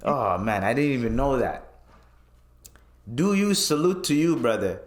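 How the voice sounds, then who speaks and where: Young male podcaster, animated foul-mouthed solo rant, roomy sound. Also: medium pitch, a little slow. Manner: profane, animated ranting with laughs. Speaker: podcast host.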